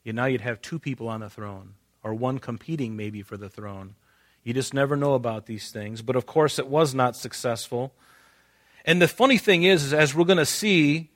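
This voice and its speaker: A male pastor delivers a sermon in a middle-pitched voice. He pushes certain lines out loud and emphatic, then sinks into quiet, close asides, and at times acts out quoted dialogue from the text. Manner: swings between loud emphatic and quiet intimate.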